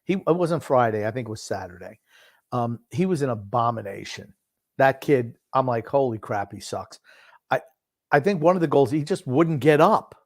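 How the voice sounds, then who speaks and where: Older guy, gruff and blunt, casual podcast sports talk, middling pitch. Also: expressive, normal speed, no echo, studio quality. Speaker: podcast co-host.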